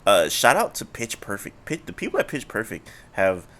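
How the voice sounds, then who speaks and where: A man's voice: on the low side, wildly swooping pitch, moderate pace, a bit bright. A man hosting a casual interview, upbeat and laughing often while hyping up his guest. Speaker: interview host.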